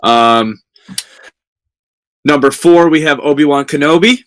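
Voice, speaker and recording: A man's voice: fairly high pitch, a little slow. A man guesting on a casual podcast, easygoing and blunt, swearing casually.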